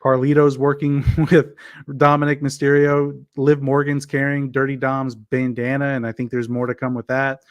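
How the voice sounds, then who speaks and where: A man with a mid-range voice co-hosts a casual podcast. He talks in a halting, loose way and often backs up to restart his sentences. The sound is dry and close, with no room around it. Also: mid-range voice, little pitch movement, no echo, highs cut off. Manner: halting, with frequent restarts and fillers. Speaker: podcast co-host. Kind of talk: casual wrestling review chat.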